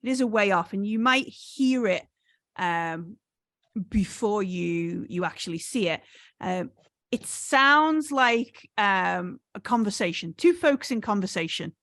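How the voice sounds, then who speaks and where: A woman's voice: mid-range voice, lively intonation, measured pace, fairly bright tone, no room sound, clean studio sound. A woman narrating a tabletop game as game master, hesitant with many ums and restarts.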